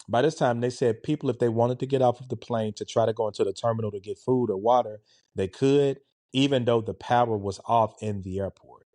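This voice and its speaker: Man, 40s, laid-back storyteller, low dark voice, dry close mic. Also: no room sound. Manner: animated, conversational, with a laid-back, relaxed tone. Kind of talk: casual storytelling.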